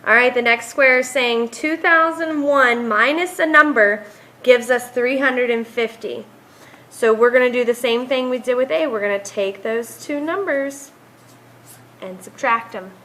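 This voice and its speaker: A woman teacher talks through math homework at an unhurried pace, counting down numbers aloud as she works each problem. Her voice sits a little high and sounds bright and clear. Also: low-quality recording.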